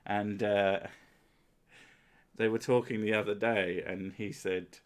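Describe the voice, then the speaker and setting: A man with a lowish voice hosts a casual livestream. He chats in a loose, rambling way with crude jokes, often at his own expense. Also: steady tone, takes it slowly, pauses often. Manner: joking, crude, self-mocking. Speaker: streamer and host.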